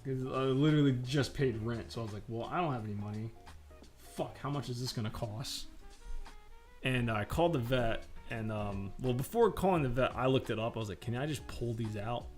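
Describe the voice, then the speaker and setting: A man's voice: mid-range voice, a little fast, a little mellow, soft background music. A man chatting casually and profanely while drawing on a live stream, rambling with lots of fillers.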